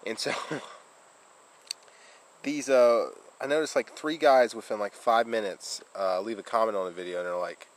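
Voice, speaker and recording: A man's voice: lowish voice, measured pace, poor audio. A man vlogging casually, rambling through a story with fillers, restarts and laughs.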